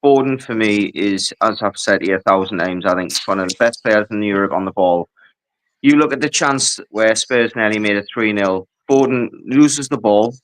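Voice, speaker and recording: Male guest pundit, lowish voice, dry sound, brisk assertive analysis. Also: no echo, rough recording. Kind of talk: casual football analysis.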